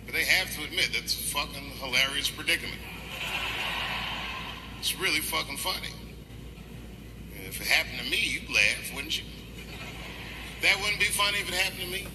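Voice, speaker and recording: A man doing stand-up comedy, profane and animated, swinging between loud and quiet. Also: mid-range voice, background noise. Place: live comedy venue. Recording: roomy hall reverb with music.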